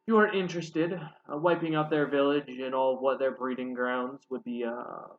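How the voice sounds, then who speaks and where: A man's voice: medium pitch, flat delivery, normal speed, phone-quality sound, close to an everyday voice. A man voicing a stern half-illithid guard. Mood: formal. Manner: telepathic, formal, commanding.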